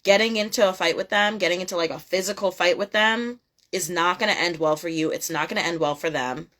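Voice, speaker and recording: A woman's voice: lowish voice, a little fast, fairly bright tone. A young woman giving a casual tarot reading, blunt and profane, repeating her points emphatically. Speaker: tarot reader.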